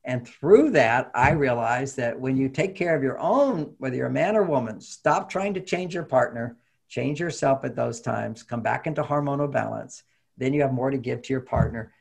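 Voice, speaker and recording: An older man talking about relationships as an interview guest, animated and acting out little quoted conversations. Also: medium pitch, normal speed, gravelly, breathy edge. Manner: animated, acts out quoted dialogue. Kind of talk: casual interview talk.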